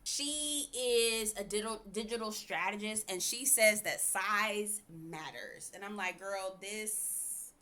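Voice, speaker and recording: A sassy woman hosts a casual reality TV recap and keeps turning to her viewers with a quick "okay?". Her voice is bright and forward, and her delivery is animated and opinionated. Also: mid-range voice. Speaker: TV review host.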